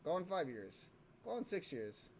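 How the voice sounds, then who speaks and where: A young man hosting a casual livestream, swearing often and breaking into loud excited outbursts while he plays a game. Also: fairly high pitch, moderate pace, a little hiss or hum. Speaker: livestream host.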